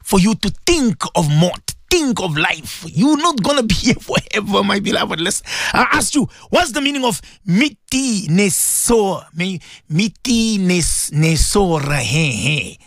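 A male radio preacher delivers an impassioned, repetitive sermon, dropping to low murmurs and then rising to high cries. His voice sits high and wildly lively in pitch. It has a gravelly edge and is recorded dry and close. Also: unhurried, hardly any pauses, dry recording. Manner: repetitive, emphatic.

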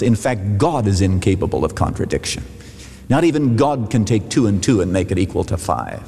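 Emphatic man preaching in a reverberant hall. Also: medium pitch. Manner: emphatic preaching with rising repeated phrases. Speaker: pastor. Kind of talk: sermon. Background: long hall reverb.

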